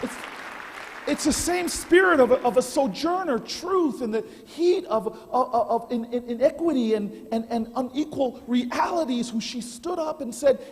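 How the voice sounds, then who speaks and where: A man's voice: very high-pitched, expressive, moderate pace, slightly rough, a faint crowd. Impassioned man speaking in a big hall. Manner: impassioned, storytelling with rising oratory and humor. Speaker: keynote speaker. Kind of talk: keynote speech at a dinner. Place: banquet hall. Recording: long reverb of a large hall.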